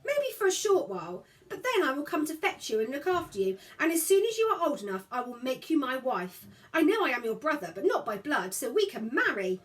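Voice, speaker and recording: Earnest, gentle farm boy, as a woman reads him. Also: high-pitched, very animated, brisk, hardly any pauses, distant mic, pitched above the performer's own voice. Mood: coaxing, earnest. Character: kind, protective farm boy, older brother.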